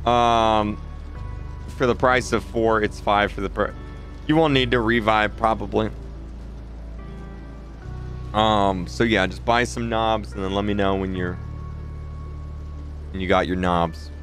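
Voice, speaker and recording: A man's voice: on the low side, fairly even intonation, measured pace, long pauses, a bit bright. A young man with an Australian accent, chatting casually on a gaming stream while he reads out messages from chat. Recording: game music under the voice.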